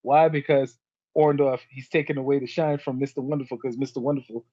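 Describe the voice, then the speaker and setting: A man with a medium-pitched voice talks briskly as a podcast co-host, telling stories in casual chat and animatedly voicing the people in them. The recording is muffled, though there's no room sound.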